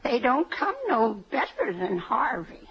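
Doddering, clingy old mother, high and slow, on a lo-fi sitcom recording. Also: big pitch swings. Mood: doting. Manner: slow, quavering, repeats herself. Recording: dull lo-fi sitcom audio with laughter.

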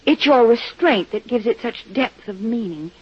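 An actress playing a gushing amateur director coaching a rehearsal in a vintage radio drama. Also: female voice, a little high, lively intonation, normal speed, husky. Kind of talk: 1940s radio acting. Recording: dull old radio recording.

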